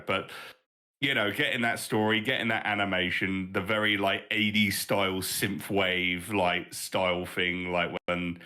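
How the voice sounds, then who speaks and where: A man's voice: low-pitched, steady tone, unhurried, sharp tone. A British man in his thirties co-hosting a podcast, chatting casually, swearing freely and laughing often. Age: 30s. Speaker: podcast co-host. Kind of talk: casual chat.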